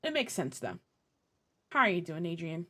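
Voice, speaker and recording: A woman streamer giving chatty, excitable gameplay commentary and talking to her viewers. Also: lowish voice, normal speed.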